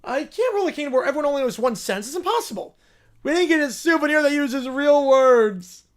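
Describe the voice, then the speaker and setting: A man's voice: extremely high pitch, lively intonation, quick pace, pitched above the performer's own voice. A man doing a whiny spoiled little furry royal. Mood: exasperated. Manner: whining, petulant, demanding. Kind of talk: read-aloud donation story.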